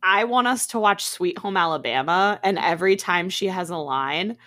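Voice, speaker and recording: A woman's voice: fairly low pitch, expressive, moderate pace, bright, forceful tone. A woman co-hosting a casual podcast, playful and teasing, laughing often. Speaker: podcast co-host. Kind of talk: casual chat.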